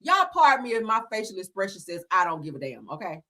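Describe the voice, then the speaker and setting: A woman's voice: mid-range voice, fast, background noise. Sassy woman gossip host. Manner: sassy, animated, slangy, laughing asides. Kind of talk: casual gossip commentary.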